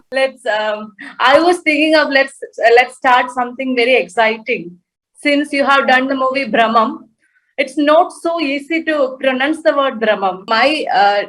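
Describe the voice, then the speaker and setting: A woman's voice: high-pitched, fairly bright tone, rough recording. A woman hosting an interview, bubbly and teasing, giggling often between questions. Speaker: interview host.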